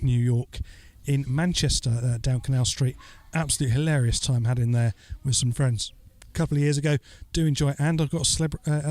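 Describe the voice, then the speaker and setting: A man's voice: mid-range voice, darkish tone, no echo. A man standing in as podcast host, answering listener questions in a loose, joking way with lots of "uh" fillers. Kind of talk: casual podcast chat and listener Q&A.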